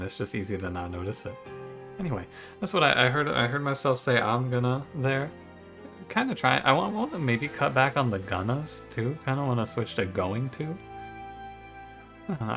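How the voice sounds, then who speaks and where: A man's voice: medium pitch, fairly bright tone. A man with a Michigan accent, chatting casually and thinking aloud as he opens a let's-play video for his channel. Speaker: gaming YouTuber.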